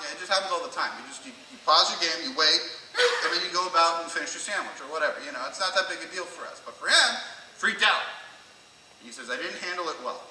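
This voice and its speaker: Man, pastor, lively sermon, ringing church echo, a bit off-mic, faint background noise. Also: on the high side, fast talker, distant mic. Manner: animated storyteller, shouts and acts out quotes. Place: church sanctuary. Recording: echoey church hall, preacher off-mic, faint room noise.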